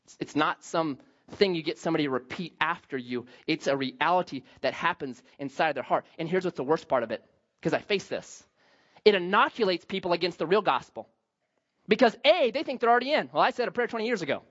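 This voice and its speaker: A male pastor preaches with animated swings, rising to loud emphasis, then dropping to quiet, low asides. His pitch moves widely, and the recording sounds dull and lo-fi. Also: fairly quick. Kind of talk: sermon.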